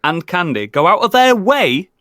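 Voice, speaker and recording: A man's voice: high-pitched, big pitch swings, normal speed, pushed and bright, no echo, clean studio sound. Mock-outraged man. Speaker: podcast co-host. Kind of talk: casual live-stream chat.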